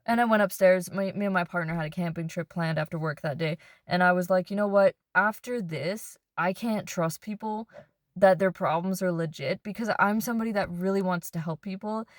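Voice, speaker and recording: A woman's voice: on the low side, a little fast, no room sound. Woman rambling a storytime in her car, says like a lot, dry close sound. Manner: chatty, fills speech with "like". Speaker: vlogger. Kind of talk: casual storytime. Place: inside a car.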